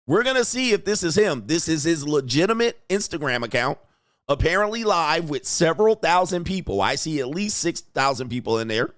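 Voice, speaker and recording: A man's voice: on the high side, lively intonation, a little fast, a bit bright, no room sound, clean studio sound. A man hosting a casual reaction commentary, slangy and often laughing and exclaiming. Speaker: commentary channel host.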